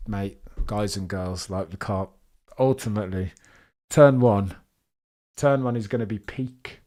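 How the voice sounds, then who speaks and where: A young man hosting a live race watchalong stream, chatting excitedly to his viewers. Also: medium pitch, smooth. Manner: excitable, chatty, talks straight to chat. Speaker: livestream host watching a race.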